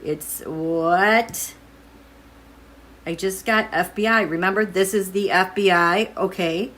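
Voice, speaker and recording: Turning over cards, a woman muses aloud through a casual tarot and astrology reading for her viewers. Her voice runs on the low side and a bit bright, with a little hiss or hum in the recording.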